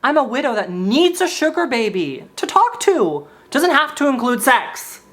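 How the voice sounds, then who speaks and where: A wheedling older sugar daddy coos his offers in a sugary little voice, as a man puts him on, pitched well above his usual register. The tone swoops and lilts to make every line sound sweet. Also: very animated, moderate pace, a bit bright, exaggerated voice. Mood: syrupy sweet.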